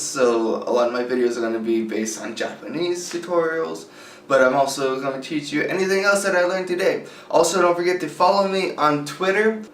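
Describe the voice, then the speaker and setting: A man with an ordinary mid-range voice hosts a casual beginner lesson, chatty and relaxed, dropping the pace whenever he spells something out. He sounds set back from the microphone in a reverberant room. A faint hum of room ambience runs under him. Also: a little high. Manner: chatty and loose, slows right down to spell out words. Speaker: video host teaching beginner Japanese. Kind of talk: casual vlog tutorial. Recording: echoey room, distant from the mic, faint ambience.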